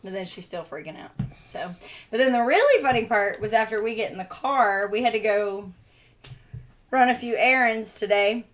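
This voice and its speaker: A woman co-hosting a homestead chat show, telling a story in a lively way, laughing often and acting out the voices she quotes. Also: a little high, moderate pace. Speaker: co-host of homestead Q and A.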